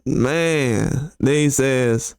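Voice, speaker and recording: A man's voice: mid-range voice, extremely slow, darkish tone, clear, resonant tone, no room sound, studio quality. A man hosting a boxing commentary channel who reacts to tweets in a blunt, casual way, full of slang and rhetorical questions, his voice often jumping up in disbelief.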